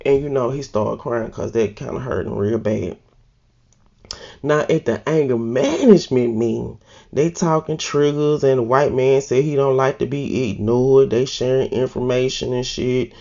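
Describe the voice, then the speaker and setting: A woman's voice: very deep voice, normal speed, gravelly, mellow, highs cut off. A woman casually recapping a TV episode in a loose, slangy way and laughing at herself. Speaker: TV recap host.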